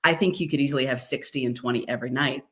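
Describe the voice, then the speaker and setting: A woman who calls basketball games as a play-by-play announcer, guesting on a podcast in animated, chatty talk. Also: rumbling low. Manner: animated, chatty, quick storytelling. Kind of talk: casual podcast chat.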